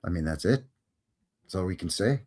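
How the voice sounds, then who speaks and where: A man's voice: low voice, expressive, brisk, darkish tone. A man hosting a casual live stream, joking and rambling and now and then slipping into silly voices. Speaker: host.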